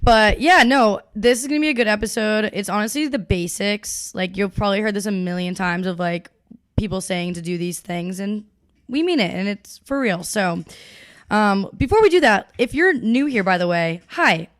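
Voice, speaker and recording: A woman's voice: medium pitch, expressive, moderate pace. Young female co-host, mid-range voice, casual and chatty. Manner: upbeat, chatty, casual slang. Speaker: podcast co-host. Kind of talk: casual chat.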